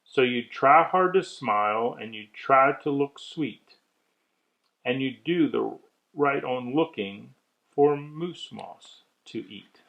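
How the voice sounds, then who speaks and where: A man reading a rhyming children's story aloud with measured, expressive delivery. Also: mid-range voice, creaky, rough recording.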